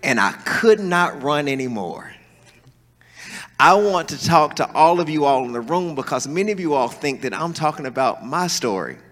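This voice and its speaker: Animated preacher man in a ringing hall. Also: fairly high pitch, moderate pace. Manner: animated, folksy storytelling with call-and-response. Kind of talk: sermon. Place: large church hall. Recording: reverberant church hall.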